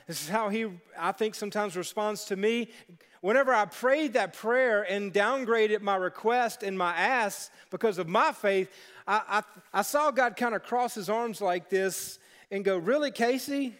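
In a church sanctuary full of long hall reverb, a pastor preaches a sermon in a high, smooth, fairly bright voice at an unhurried pace. He tells stories and slips into playful voices for the characters in them.

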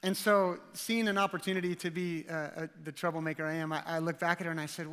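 A man's voice: a little high, flat delivery, fast, few pauses, fairly bright tone, clear, resonant tone, long reverb tail. A man in his thirties from the Dallas area, a guest preacher giving a chatty, joking sermon in a church with many fillers and restarts. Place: church auditorium.

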